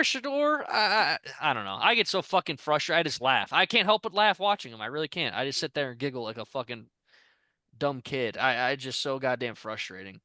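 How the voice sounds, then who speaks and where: A man's voice: medium pitch, sing-song, fairly quick, sharp tone, no room sound. A man from Ohio, co-host of a podcast, ranting casually with lots of swearing and frustration.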